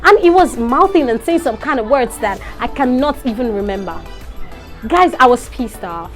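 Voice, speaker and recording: Animated young Nigerian woman telling a story. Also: fairly high pitch, normal speed, soft background music. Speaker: vlogger. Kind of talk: storytime vlog.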